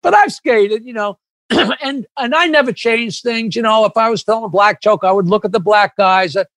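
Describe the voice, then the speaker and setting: An older man from Long Island, a comedian guest telling rambling, animated anecdotes in a casual interview, with many restarts and asides. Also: high voice, moderate pace, dry recording. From Long Island, New York.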